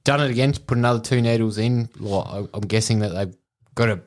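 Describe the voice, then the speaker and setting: Casting: Australian man, lowish voice, crude storyteller, laughs often. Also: brisk. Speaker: podcast co-host. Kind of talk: casual storytelling.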